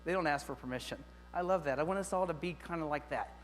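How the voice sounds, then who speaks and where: Energetic man speaking in a reverberant hall. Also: fairly high pitch, fast talker, soft background music. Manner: energetic, joking, talks straight to the audience. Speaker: keynote speaker to teachers. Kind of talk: lively conference keynote. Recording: long hall reverb with faint mains hum.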